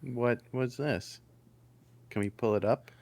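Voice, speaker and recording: Guy co-hosting a stream, mid-pitched, playful and teasing. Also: slow, darkish tone, dry recording. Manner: playful, teasing, drops into silly sing-song. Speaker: co-host. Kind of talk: casual live-stream chat.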